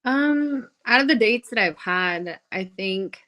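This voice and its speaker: A woman talking as a guest on a podcast, speaking in a soft, hesitant way with frequent pauses and ums. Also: on the high side, animated. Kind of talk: casual chat.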